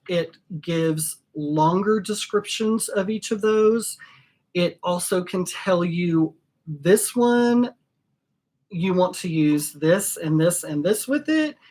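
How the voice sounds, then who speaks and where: A woman with a low voice speaks slowly and unhurriedly as she closes out her live stream. She talks from the heart and pauses often, filling the gaps with ums. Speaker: host of a perfumery channel. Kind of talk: casual live-stream sign-off.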